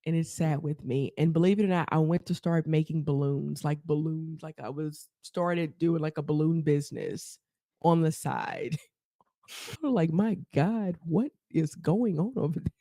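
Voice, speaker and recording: A woman, a therapist, telling her story as a podcast guest, animated and laughing often as she acts out quotes. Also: deep voice, measured pace, no room sound, studio quality. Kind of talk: casual storytelling interview.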